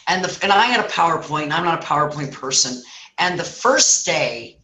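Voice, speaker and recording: Lively woman chatting, tells stories and does voices, bright tone. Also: low-pitched, moderate pace. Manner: animated, acts out voices. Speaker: guest speaker. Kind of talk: casual storytelling chat. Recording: echoey room.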